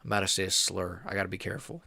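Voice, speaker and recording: A man's voice: low voice, level tone, racing, gravelly, pushed and bright, dry recording. Profane, ranting man on a live stream. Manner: rambling with frequent restarts. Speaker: MMA streamer. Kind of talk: live fight reaction stream.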